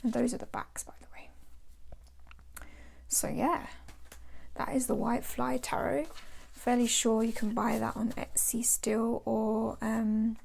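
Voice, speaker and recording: A woman's voice: on the high side, little pitch movement, slow, gravelly, a little mellow, husky. A woman chatting casually as a tarot vlogger, rambling and laughing as she shows her decks. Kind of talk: casual show-and-tell chat. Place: home.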